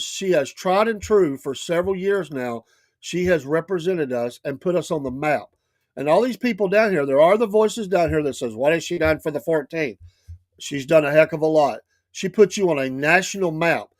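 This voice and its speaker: A man with a fairly high voice delivers emphatic opinion on a talk show. He repeats himself, restarts phrases and leans on "I'm gonna tell you." The sound is dry and close to the mic. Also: no room sound. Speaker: radio talk show host. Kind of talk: opinionated political commentary.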